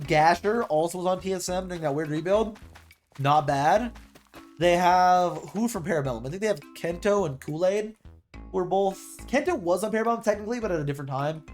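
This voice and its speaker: Chatty higher-voiced male streamer. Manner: rambling, full of "like" and self-corrections. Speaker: livestreamer. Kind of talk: casual stream chatter about esports.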